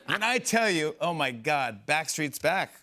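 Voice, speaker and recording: A man in his forties hosting a talk show, telling an excited, rambling story full of fillers and quick impressions. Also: fairly high pitch, slight background noise. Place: television studio.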